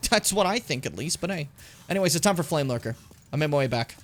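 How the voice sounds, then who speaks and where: A man giving casual, animated commentary while playing a video game, swearing and yelping when things get tense. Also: on the high side, fast. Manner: animated, swearing, yelps and pleads when in danger.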